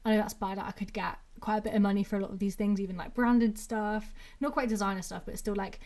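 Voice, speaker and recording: A woman in her twenties from England, with an accent that mixes Brummie and Mancunian, chats and rambles casually on her solo podcast, filling it with "like." She's a fast talker with a medium pitch, fairly even intonation and a darkish tone.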